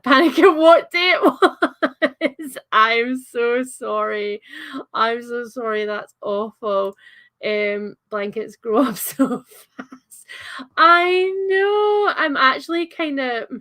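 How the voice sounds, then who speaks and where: A woman's voice: on the high side, fairly bright tone. A young adult woman with a Scottish accent chatting on a livestream, reading out comments with lots of fillers and giggles. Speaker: livestream host.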